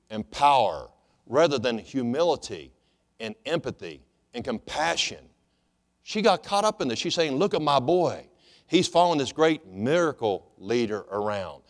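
A man's voice: mid-range voice, long reverb tail. A man preaching a sermon as pastor, emphatic, repeating phrases and asking his congregation rhetorical questions.

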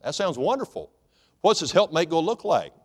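A man preaching, putting on the voice of Adam in a joke, replying in a hushed, wondering way. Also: fairly high pitch, sing-song, brisk, big-room sound, pitched above the performer's own voice. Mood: awed. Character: awed, eager first man, Adam.

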